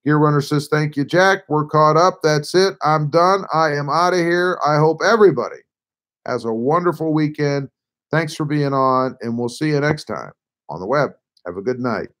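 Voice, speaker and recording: A man with a hoarse, failing voice hosting a casual live stream, reading out viewer comments and answering them offhandedly. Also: a little high, moderate pace, fairly bright tone. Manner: reads viewer comments aloud and replies offhandedly. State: hoarse, voice nearly gone.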